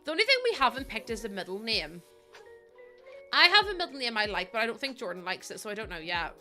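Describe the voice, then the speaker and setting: A woman's voice: on the high side, very animated, fast talker, sharp tone, faint music behind. A young woman with a Northern Irish accent, chatting casually to her live stream audience, laughing often and swearing now and then. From Northern Ireland.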